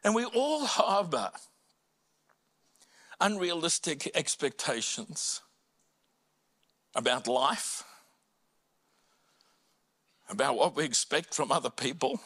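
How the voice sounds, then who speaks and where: Male pastor, slow deliberate sermon delivery, fairly high voice with bright tone, earnest, swells to pleading cries. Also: expressive, breathy edge. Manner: earnest, rising to impassioned cries when voicing prayers; slow and deliberate, dropping low and quiet on personal points. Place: church.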